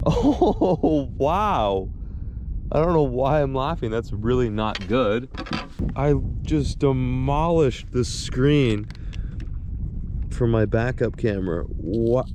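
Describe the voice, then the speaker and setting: A man vlogging while fishing from a boat on a lake, rambling casually and breaking into excited exclamations. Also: mid-range voice, slight background noise. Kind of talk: casual vlog narration.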